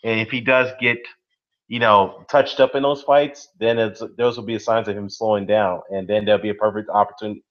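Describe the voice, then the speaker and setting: A man's voice: fairly low pitch, steady tone, normal speed, fairly bright tone. A man hosting casual boxing commentary on a live stream, rambling with lots of "you know" and "man" fillers while greeting viewers in the chat. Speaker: boxing YouTube host. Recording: dull lo-fi sound.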